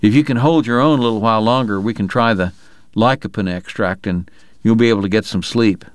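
A man's voice: on the low side, a little fast, no echo, natural voice. A man voicing a stern, commanding frontier doctor who speaks curtly. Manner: curt, commanding.

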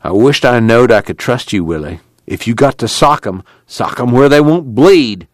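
A man's voice: mid-range voice, animated, moderate pace, no room sound, voice pushed up, lightly acted. A man doing a stern, worried Okie camp leader. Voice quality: earnest, pleading, rural grammar.

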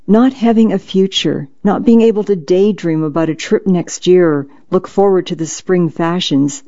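A narrator voicing a gentle, polished older woman who is dying, speaking softly and sorrowfully in an audiobook reading. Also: medium pitch, moderate pace, highs cut off, close to an everyday voice. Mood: tearful. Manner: soft, sorrowful, apologetic.

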